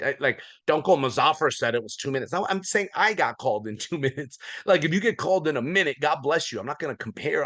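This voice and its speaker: A man, likely in his forties, giving an energetic, folksy sales presentation on a video call, with lots of repetition. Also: mid-range voice, no room sound. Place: remote hotel room abroad.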